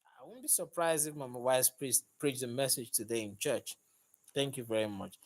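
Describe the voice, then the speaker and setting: A man's voice: mid-range voice, normal speed. A man, a mechanic hosting a casual live stream, upbeat as he greets and thanks viewers, recorded on a phone he holds in his hand. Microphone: phone held in hand.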